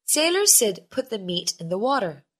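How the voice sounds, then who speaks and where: A woman reading a children's storybook aloud, clearly and with a lively, expressive delivery. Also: medium pitch. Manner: lively, slow, clear reading with voiced shouts for characters. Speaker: storybook reader.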